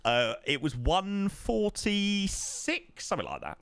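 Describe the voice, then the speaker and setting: A young man chats casually on a live stream, tired and yawning, rambling and sighing between thoughts. His pitch swoops and bounces with a bright, forward tone, and the sound is dry and close. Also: huge pitch swings, slow, gravelly, smooth, no echo. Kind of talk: casual chat.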